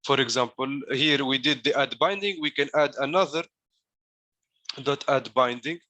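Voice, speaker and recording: A man's voice: medium pitch, moderate pace, pushed and bright, dry recording. A man coaching a class through code in a live walkthrough, explaining each step while demonstrating it. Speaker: coding coach.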